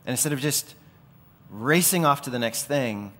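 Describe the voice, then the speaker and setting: A male pastor delivering a sermon in a relaxed, conversational manner that stays earnest. His voice sits at an ordinary middle pitch. The room around him rings with a long, hall-like reverb. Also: normal speed. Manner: conversational, earnest, with everyday asides.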